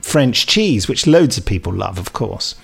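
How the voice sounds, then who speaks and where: A man's voice: on the low side, very animated, measured pace, gravelly, husky, soft background music. A man co-hosting a podcast in casual chat, answering listener emails with dry, teasing, opinionated asides. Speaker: podcast co-host.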